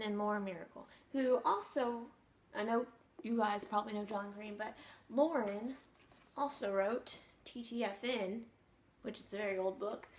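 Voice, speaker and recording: Bubbly teen girl gushing over books. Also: a little high. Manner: bubbly, gushing, rambling with fillers. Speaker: book vlogger. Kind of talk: casual book haul chat.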